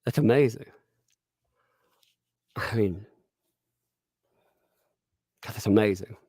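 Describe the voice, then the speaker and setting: A man's voice: on the low side, slow pace, darkish tone, slightly rough, no room sound, studio quality. A man giving rambling, sarcastic live-stream commentary, joking and laughing as he talks. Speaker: livestream commentator.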